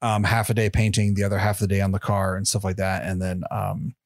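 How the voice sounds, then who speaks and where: A man's voice: low-pitched, monotone, fast talker, no echo, studio quality. A man co-hosting a podcast, chatting casually in a rambling way with lots of fillers and swearing. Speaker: podcast co-host. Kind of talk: casual chat.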